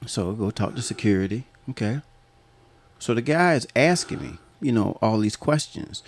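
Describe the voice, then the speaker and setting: Lively, laughing man telling a story. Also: lowish voice, normal speed. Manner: animated, profane, laughing often. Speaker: podcast host. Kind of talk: casual storytelling chat.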